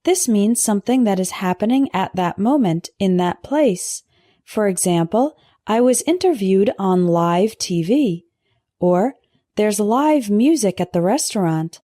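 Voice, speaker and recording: A woman teaching English vocabulary in a scripted lesson, pronouncing word pairs slowly and carefully for learners to repeat. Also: medium pitch, animated, warm tone, no room sound, studio quality. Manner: slow, careful pronunciation drills.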